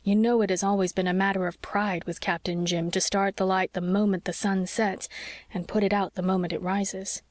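A woman voicing a young husband and doctor who speaks quickly and earnestly in an audiobook. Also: mid-range voice, level tone, no room sound, studio quality, lightly acted. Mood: worried. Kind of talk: audiobook character reading.

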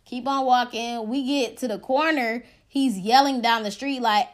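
A woman hosting a podcast from her bed at home, telling a story in a casual, animated way full of slang and swearing, recorded on a phone. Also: a little high, measured pace. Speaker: podcast host.

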